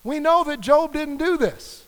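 A man's voice: very high-pitched, a little slow. A man preaching a sermon as a pastor, reading scripture passages aloud with dramatic emphasis. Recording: long hall reverb.

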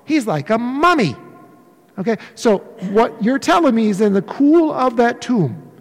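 A high-voiced man preaching with animation, slipping into the voices of characters as he tells the story. His words ring out with the long reverb of a large hall. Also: unhurried. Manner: animated, acts out voices of disciples. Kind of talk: sermon.

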